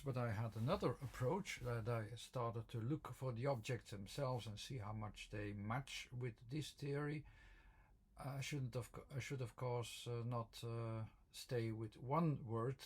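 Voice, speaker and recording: Hesitant man with a gravelly, husky voice. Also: medium pitch, a little mellow. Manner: hesitant, many fillers and restarts. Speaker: video presenter explaining his word-form theory. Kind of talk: unscripted explanatory talk.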